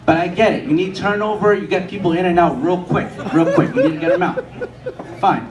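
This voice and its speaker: A man's voice: sits high, brisk, a crowd in the background, noisy background. Young man doing profane stand-up. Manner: profane storytelling, acts out quoted people. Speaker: stand-up comedian. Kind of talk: stand-up comedy set. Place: comedy club stage. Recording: echoey room, mic from a distance, audience laughter. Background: audience laughing.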